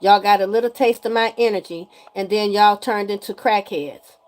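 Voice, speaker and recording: A woman giving a casual spiritual energy reading to viewers, animated and emphatic, often repeating her lines and slipping into slang. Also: mid-range voice, moderate pace, soft background music. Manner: animated, breaks into singing, emphatic and preachy.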